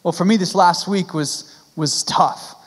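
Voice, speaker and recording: A young male pastor with a notably high voice preaching a sermon in a church, his words trailing into a long hall reverb. He talks earnestly and pleadingly, restarting phrases and leaning on casual fillers. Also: unhurried. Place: church sanctuary.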